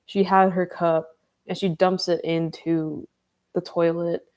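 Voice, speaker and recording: A woman's voice: on the low side, little pitch movement, slow, a little mellow. A young woman in her twenties telling a story in a casual chat, filler-heavy and laughing often. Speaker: streamer.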